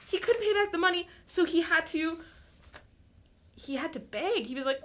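A woman telling a Bible story to children in a chatty, animated way, speaking straight to a camera. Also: extremely high pitch, fairly quick. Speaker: children's church teacher. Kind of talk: Bible story lesson for kids. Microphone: camera in front of her.

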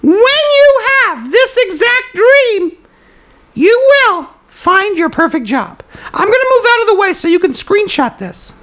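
A man's voice: extremely high pitch, sing-song, measured pace, fairly bright tone, full character voice. A man voicing a zany toilet paper roll puppet who hosts a comedic live stream. The puppet hands out absurd life advice in a matter-of-fact way and chats with viewers, with hesitant fillers.

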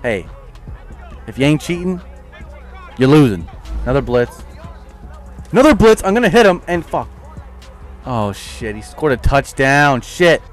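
A young man commentating his own football video game as he plays, excitable and foul-mouthed, trash-talking opponents and yelling at big plays. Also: mid-range voice, measured pace, long pauses, faint music behind. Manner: excitable, swears a lot, yells at plays, trash-talks opponents. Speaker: gaming YouTuber. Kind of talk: live gameplay commentary.

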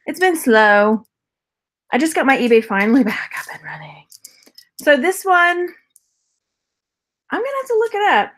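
A woman reseller vlogger talks through a thrift jewelry unboxing in a relaxed, rambling way. Her voice sits a little high, and she laughs often and chats with her viewers as she goes. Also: normal speed, long pauses. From Texas. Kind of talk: casual unboxing haul chat.

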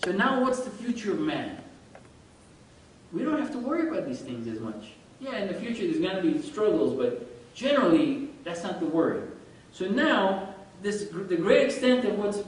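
High-voiced man lecturing in an echoey room. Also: moderate pace. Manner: animated, quizzes listeners, chuckles. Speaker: religious study teacher. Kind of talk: informal lecture to a group. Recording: very echoey room, far from mic, faint rumble.

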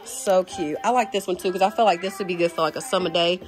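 A young woman vlogging in a casual, gushing way, slipping into high baby talk with infants. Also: steady tone, fast talker. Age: young adult. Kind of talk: casual vlog chat.

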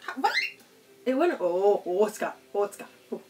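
A woman's voice: medium pitch, very animated, normal speed, over music. A woman streaming cosplay work from home, chatting casually with viewers and her pet bird, laughing often. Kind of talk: casual live stream chat.

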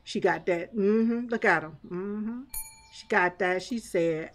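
A woman's voice: mid-range voice, slow. A woman streamer giving chatty live gameplay commentary, laughing often and talking back to chat and the game's customers.

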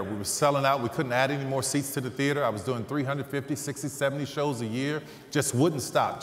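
A man preaching a sermon through humorous, animated personal stories. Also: medium pitch. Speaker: guest preacher. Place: large church hall stage. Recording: echoey hall, faint ambience.

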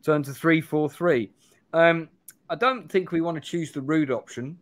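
A man's voice: on the high side, measured pace. A man in his forties hosting a live play-through, reading a gamebook aloud with restarts and asides. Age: 40s.

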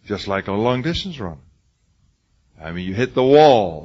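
An older man with a raw, hoarse voice lectures a class in an emphatic, repetitive way, restarting his sentences often. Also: on the low side, sing-song, moderate pace, a little mellow. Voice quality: husky. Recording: dull lo-fi classroom recording.

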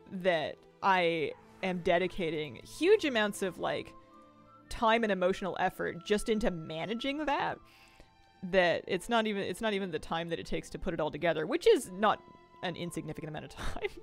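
A young adult woman streaming a game, chatting casually and rambling, often breaking into laughter. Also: lowish voice. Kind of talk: casual live-stream chat while gaming.

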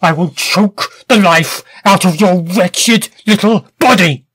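A man's voice: high voice, moderate pace, no room sound. A man playing a stern, commanding old professor. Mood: furious. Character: irascible, powerful older male professor.

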